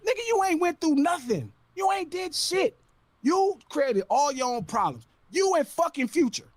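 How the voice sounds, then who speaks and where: A man on a podcast ranting loudly and incredulously, with heavy swearing. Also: very high-pitched, very animated, moderate pace, dry recording. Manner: loud, profane, incredulous ranting. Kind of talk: heated podcast rant.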